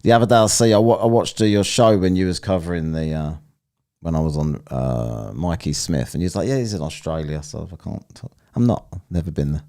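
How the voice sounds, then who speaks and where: A man's voice: sits low, brisk. A man doing casual, profane, mocking live-stream commentary while reacting to a debate. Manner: mocking, profane, shouts at chat.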